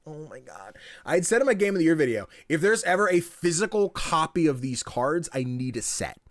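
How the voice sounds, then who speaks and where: A man co-hosting a podcast in casual chat, animated and laughing often. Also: fairly high pitch, a little fast, no room sound. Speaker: podcast co-host.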